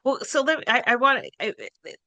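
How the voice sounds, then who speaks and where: A middle-aged woman co-hosting a podcast, telling a family story in an expressive, emphatic way and laughing easily. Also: high voice, fast, dry recording. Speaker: podcast co-host. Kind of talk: casual conversational podcast talk.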